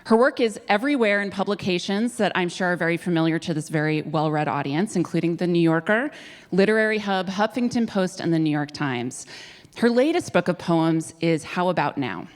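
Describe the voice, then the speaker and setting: A woman's voice: fairly low pitch, animated, a little fast. A woman hosting a live onstage interview in front of an audience, chatty and upbeat. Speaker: guest host. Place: theater stage before an audience. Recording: long hall reverb.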